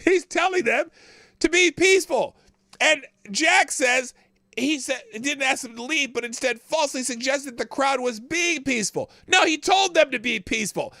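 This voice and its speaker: A man hosting a live political commentary show talks in a high, swooping voice. His tone is bright and cutting, and the recording is dry and close. He reads passages aloud and reacts with incredulous, animated remarks. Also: moderate pace, no echo.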